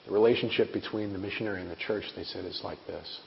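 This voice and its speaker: A man in his forties, a missionary and preacher, delivers his sermon earnestly and conversationally, slipping in wry asides. His low, creaky voice stays steady in tone and moves fast, captured in an echoey hall on dull, lo-fi audio with faint hiss.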